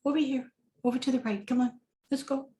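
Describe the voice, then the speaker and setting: A woman voicing a tiny, bossy talking chipmunk that speaks quickly and chirpily. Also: sits high, fairly even intonation, warm tone, pitched above the performer's own voice, lightly acted.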